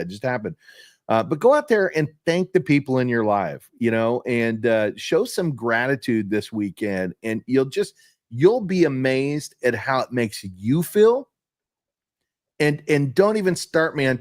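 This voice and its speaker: A man's voice: fairly high pitch, dry recording, studio quality. A man co-hosting a casual podcast, upbeat and rambling, often tagging his lines with "right?" and "you know". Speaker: co-host.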